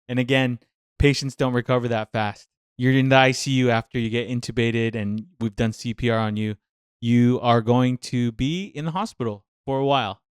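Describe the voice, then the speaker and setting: Smooth-voiced man venting about nursing. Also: mid-range voice, dry recording, studio quality. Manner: passionate, venting, thinks aloud with repeated phrases. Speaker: nurse reacting to a TV show. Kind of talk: casual reaction commentary.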